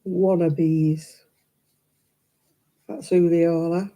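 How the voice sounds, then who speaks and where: An older woman from Oldham with a broad Lancashire accent, chatting with her livestream viewers. Her voice is very dark and mellow, and she is opinionated and quick to laugh. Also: on the low side, flat delivery. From Oldham, England. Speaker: crochet livestream host. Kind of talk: casual chat with live viewers. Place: home, crafting at a table.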